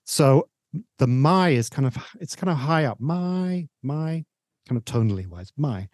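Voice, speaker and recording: A Malaysian man hosts a casual conversation, asking pointed questions with a wry sense of humour. His voice sits at an ordinary pitch, and the recording is dry and close, with no room echo. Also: sing-song, normal speed, darkish tone. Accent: flat, neutral English, Malaysian. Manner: probing, wry, joking. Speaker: host. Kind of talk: casual radio talk.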